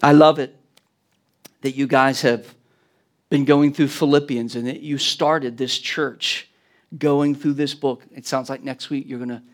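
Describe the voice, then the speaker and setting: A man preaching a sermon as a guest preacher. He speaks emphatically, asks the congregation questions, and repeats words when he gets excited. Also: medium pitch, a little slow.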